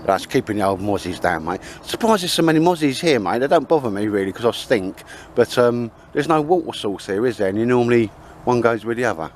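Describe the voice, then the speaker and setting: A man's voice: mid-range voice, expressive, fairly quick, slight background noise. A middle-aged man, chatting and joking on his outdoor vlog in the woods. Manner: jokey, banter-heavy, laughs a lot. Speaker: vlogger. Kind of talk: casual outdoor vlog chat.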